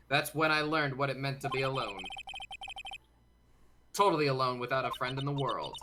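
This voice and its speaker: A man hosting a let's play, reading the game's story dialogue aloud in a plain, even way. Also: medium pitch, moderate pace, noisy background.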